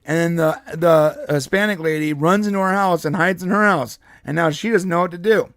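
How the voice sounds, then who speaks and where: A man's voice: a little high, moderate pace, fairly bright tone, no room sound, studio quality. A man hosting a casual political podcast, talking bluntly and profanely and slipping into put-on voices when he tells a story. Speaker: podcast host.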